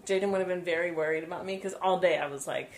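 Animated young woman telling a story. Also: fairly low pitch, fast. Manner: animated storytelling, swears freely. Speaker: podcast co-host. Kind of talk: casual chat.

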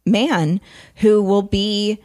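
A woman's voice: medium pitch, fairly even intonation, very slow, a little mellow. A woman in her thirties with a Southern US accent, co-hosting a casual podcast chat, rambling and swearing as she acts out quotes. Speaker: podcast co-host. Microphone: headphones.

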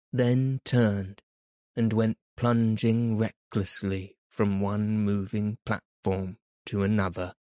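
Male audiobook narrator, measured, dark mellow tone, dry close sound. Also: lowish voice, no echo. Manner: measured, deliberate.

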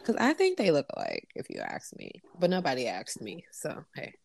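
Woman co-host teasing her friend with a quiz, lower voice for a woman but bouncy. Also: wildly swooping pitch, normal speed, gravelly, darkish tone. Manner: teasing, giggly, laid-back. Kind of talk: casual chat, guessing game.

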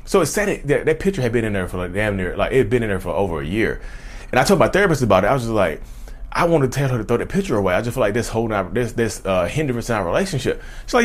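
A man with a fairly low voice tells a personal story to his viewers at a quick clip. He talks casually and acts out both sides of each exchange, jumping up high for the other voices. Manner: animated retelling, acts out dialogue, says "y'all". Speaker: vlogger sharing personal story.

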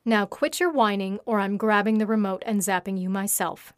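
A woman reading the part of a calm, cruel young woman giving orders in a storybook, in a dry recording. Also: medium pitch, moderate pace, no room sound, close to an everyday voice. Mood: cool.

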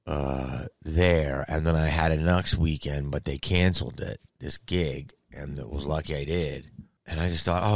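A comedian, currently sick with covid, telling a rambling, heavily profane story in a casual monologue. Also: male voice, extremely low pitch, no room sound. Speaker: stand-up comedian.

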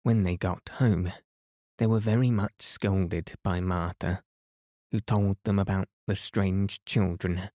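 A man reading a bedtime story aloud in a soothing, unhurried way. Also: low-pitched, steady tone, dark tone, dry recording, studio quality. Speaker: sleep podcast reader.

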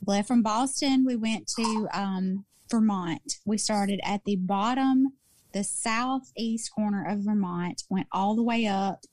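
A woman's voice: mid-range voice, takes it slowly, no room sound. Chatty Southern woman, dry close sound. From Mississippi. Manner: chatty, animated, repeats herself for emphasis. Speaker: podcast co-host. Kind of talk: casual storytelling chat.

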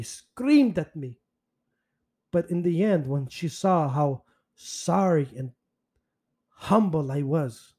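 A man's voice: fairly high pitch, darkish tone, slightly rough, exaggerated voice. A man putting on a smug, theatrical priest. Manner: theatrical, pleading, exaggerated. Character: smug middle-aged male priest telling a story.

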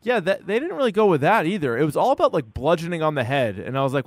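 Speaking fast with wildly swooping pitch, this slightly high-voiced man co-hosts a podcast with no echo. He's chatty about a true-crime series, peppering his talk with "like" and performing people's quotes.

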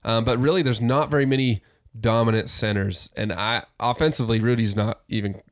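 A man's voice: mid-range voice, steady tone, a little fast, no room sound, studio quality. A man co-hosting a casual sports podcast, giving laid-back, opinionated takes and laughing easily. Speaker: podcast co-host.

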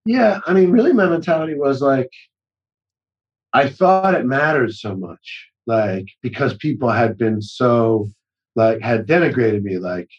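A man's voice: medium pitch, expressive, a little slow, husky, lo-fi sound. A middle-aged man talking as a guest in a casual conversation, rambling and often restarting his sentences. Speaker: actor-director guest.

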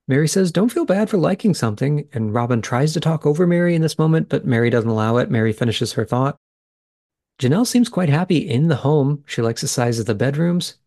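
A man's voice: medium pitch, darkish tone, no echo, studio quality. A man hosting a podcast, recapping episodes in a chatty way and thinking aloud as he goes. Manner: chatty, thinks aloud, reacts in real time. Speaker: podcast host. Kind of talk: casual recap commentary.

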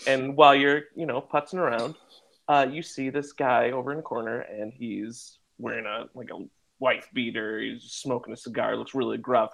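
Host, gravelly voice, mid pitch, lively and playful. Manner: playful, teasing storyteller. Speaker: podcast host. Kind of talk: casual chat.

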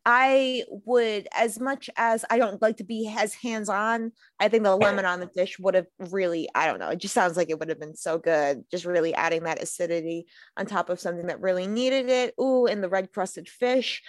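A woman's voice: mid-range voice, moderate pace, few pauses, dry recording. A woman co-hosting a podcast, chatting with enthusiasm and gushing about food. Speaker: podcast co-host. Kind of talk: casual chat.

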